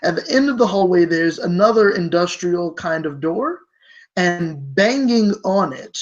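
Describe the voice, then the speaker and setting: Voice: medium pitch, animated, measured pace. Rambling game master on a dull recording. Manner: rambling, self-correcting narration with many fillers. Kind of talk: narrating a tabletop game.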